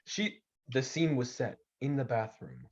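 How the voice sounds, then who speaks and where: A man's voice: medium pitch, measured pace, background noise. A young man in casual podcast chat, telling stories with lots of energy and acting out the people he quotes. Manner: animated, acts out quoted voices. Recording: slightly dull lo-fi audio.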